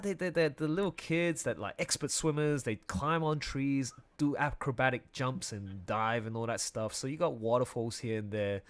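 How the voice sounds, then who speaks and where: A young man recounts a mishap to friends in a relaxed, conversational way. His voice sits at an ordinary middle pitch, and he laughs easily, restarting sentences as the story tumbles out. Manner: animated, laughs often, quick restarts.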